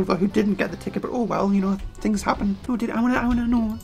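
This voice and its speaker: Excitable woman narrating her gameplay. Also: a little high, quick pace, creaky, few pauses, soft background music. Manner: excitable, frequent startled exclamations. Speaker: let's player. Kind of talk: gameplay commentary.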